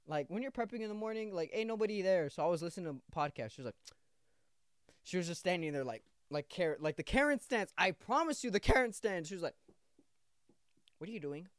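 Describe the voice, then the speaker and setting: A man's voice: sits high, animated, fast, clean tone, dry recording, clean studio sound. A young man ranting casually and profanely as a podcast host, rambling and mocking.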